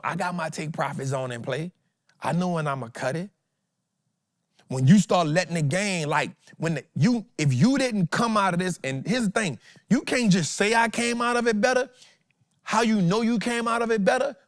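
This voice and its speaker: Animated man hyping up traders. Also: fairly high pitch, dry recording, studio quality. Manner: animated, preachy, swings loud and soft, acts out quotes. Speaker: host. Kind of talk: motivational stock trading talk.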